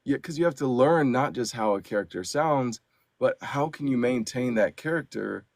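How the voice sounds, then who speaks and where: A man's voice: medium pitch, animated, moderate pace, no echo, studio quality. A man who works as an audiobook narrator and actor, chatting casually in an interview and explaining at length with lots of fillers.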